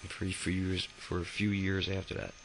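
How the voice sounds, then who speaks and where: A man's voice: low voice, flat delivery, normal speed, gravelly, a little hiss or hum, poor audio. A young man telling his own life story in a casual, rambling, profane way, with many fillers and restarts. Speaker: autobiography narrator. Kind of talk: casual spoken memoir.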